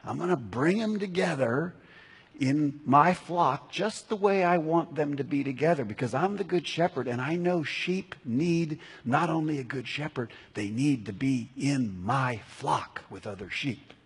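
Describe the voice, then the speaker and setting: Slow, gravelly-voiced man preaching. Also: a little high. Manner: emphatic, slows down to stress key words. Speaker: pastor. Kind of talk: sermon. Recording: long hall reverb.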